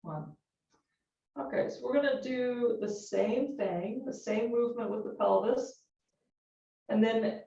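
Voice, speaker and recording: A woman teaching a yoga class, calmly cueing each movement and breath while counting repetitions. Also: fairly high pitch, creaky. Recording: roomy, distant, dull-sounding studio recording.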